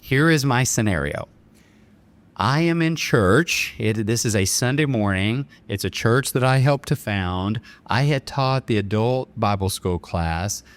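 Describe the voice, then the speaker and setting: A man's voice: medium pitch, animated, a little slow. A man, a podcast guest earnestly retelling a dramatic personal story with quoted dialogue. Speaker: bank chairman and podcast guest. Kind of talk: storytelling in an interview.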